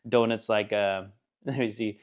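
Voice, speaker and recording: A man's voice: fairly low pitch, fairly even intonation, a little slow. A man giving a casual spoken book review, rambling and enthusiastic, laughing now and then at the funny parts.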